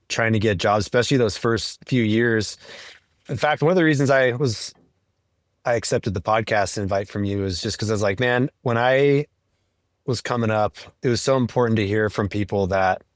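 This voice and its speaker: Low-voiced male guest, relaxed and dry. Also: dry recording. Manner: relaxed, filler-heavy, quoting himself. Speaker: helicopter pilot guest. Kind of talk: casual interview chat.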